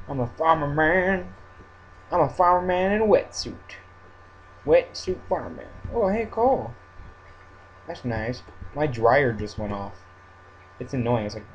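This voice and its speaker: A man's voice: fairly high pitch, animated, measured pace, long pauses. A hyper young-sounding man rambles through his own game commentary, cracking goofy jokes along the way. The audio is dull and lo-fi, with a faint hiss underneath. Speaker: Minecraft let's-play vlogger.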